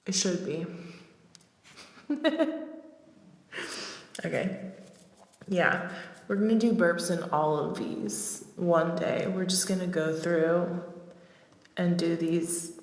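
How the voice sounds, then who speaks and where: A woman's voice: fairly low pitch, takes it slowly, long pauses, darkish tone. A woman streaming live, chatting casually and playfully, often breaking into giggles. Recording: echoey room with long reverb.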